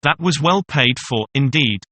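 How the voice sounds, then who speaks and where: A man reading the lines of a gruff, hot-tempered male peasant in a storybook. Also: medium pitch, expressive, measured pace, sharp tone, slight background noise. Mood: eager. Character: rough angry male peasant horse trader.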